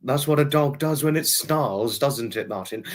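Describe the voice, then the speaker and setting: A man hosting a casual livestream, rambling chattily and greeting viewers by name. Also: mid-range voice. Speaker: livestream host.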